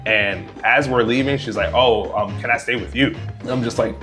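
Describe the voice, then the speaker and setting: A man's voice: mid-range voice, moderate pace, a bit bright, soft background music. A man being interviewed, recounting events in a laid-back, casual way and quoting dialogue. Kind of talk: casual storytelling.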